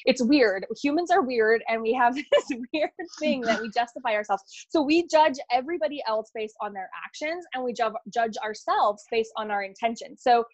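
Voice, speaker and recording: A woman business coach talking as a podcast guest, rapid and animated, saying "like" and "literally" often. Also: a little high, no room sound, lo-fi sound. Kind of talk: casual podcast interview.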